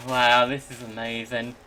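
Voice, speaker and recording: Man, casual home vlog commentary, talks to himself, bright tone, faint background noise. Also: medium pitch, slow pace. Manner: chatty, talks to himself, excitable outbursts. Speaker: vlogger. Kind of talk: casual running commentary while using a computer. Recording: voice a bit far from the mic, faint background noise.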